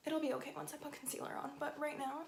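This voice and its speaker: A young woman tells a long story in a casual, animated way, filling it with "like" as she does her makeup. Her voice sits a bit high. The room around her is echoey. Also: racing, creaky, slight background noise. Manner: chatty, animated, lots of "like". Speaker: beauty vlogger.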